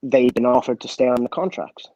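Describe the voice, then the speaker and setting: A former footballer being interviewed, telling a story candidly, with many restarts and quoted dialogue. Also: male voice, mid-range voice, a little fast, warm tone, dry recording, poor audio.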